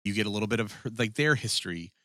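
A man's voice: lowish voice, animated, rapid-fire, fairly bright tone, no room sound. Male podcast co-host, casual and profane, rambling, dry close mic. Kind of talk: casual chat about a TV series.

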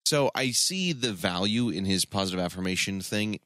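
A man's voice: lowish voice, expressive, moderate pace, sharp tone, dry recording, clean studio sound. A man co-hosting a podcast, chatting casually with a sarcastic, wry manner. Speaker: podcast co-host. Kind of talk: casual chat.

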